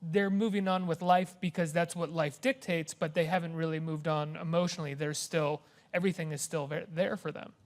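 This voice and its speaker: Man interviewer with a fairly high voice. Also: fairly even intonation, a little fast, few pauses. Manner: rambling, self-correcting questions. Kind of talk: interview conversation.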